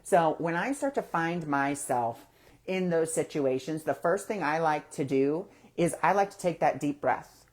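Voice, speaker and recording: A man's voice: on the high side, expressive, measured pace. A man hosting a casual spiritual discussion, talking conversationally and asking rhetorical questions. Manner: conversational, asks rhetorical questions and acts out quoted thoughts.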